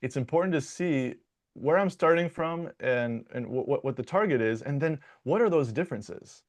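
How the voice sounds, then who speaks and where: A man's voice: fairly high pitch, animated, normal speed. A man from Michigan working as a dialect coach, explaining his ideas in a conversational interview, with frequent restarts and repeated words.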